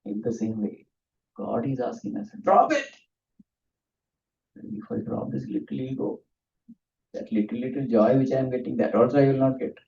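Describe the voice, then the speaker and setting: Speaking with a medium, creaky, mellow voice, this male swami delivers a spiritual discourse a little quickly and with flat intonation. He's earnest but laughs often while telling stories, captured in a far-off, muffled lo-fi room recording.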